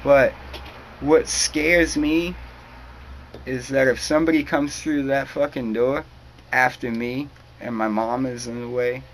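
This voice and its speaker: Young man, profane rambling rant, mid-pitch, faint hiss behind. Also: steady tone, moderate pace, poor audio. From New England. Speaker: vlogger. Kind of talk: ranting monologue to camera.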